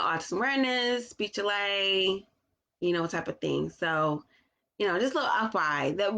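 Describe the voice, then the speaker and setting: A mother talking casually to her viewers, halting often with restarts as she slows down to find her words. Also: on the low side, a bit bright. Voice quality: slow, deliberate delivery. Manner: halting, with restarts and long pauses. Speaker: parent vlogger. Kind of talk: casual talk to camera.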